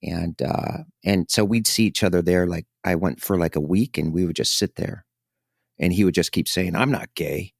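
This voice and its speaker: A middle-aged man with a very low voice co-hosts a casual podcast, spinning rambling anecdotes and acting out the lines of the people in them. The recording is dry and close, with no room sound. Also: steady tone, moderate pace, gravelly, no room sound. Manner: rambling anecdotes with acted-out quotes. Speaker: podcast co-host. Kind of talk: casual storytelling chat.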